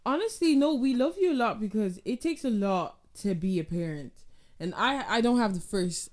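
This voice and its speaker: A young woman hosting a casual chat podcast, animated and laughing often, with a few French phrases mixed in. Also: medium pitch, normal speed. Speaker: podcast host.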